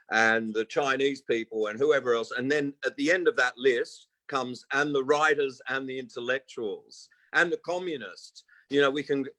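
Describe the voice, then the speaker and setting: Heard over a remote call with poor, dry audio, a sixty-something guest musician rambles through long stories in a casual interview, acting out quoted people. His voice is medium-pitched with a fairly bright tone.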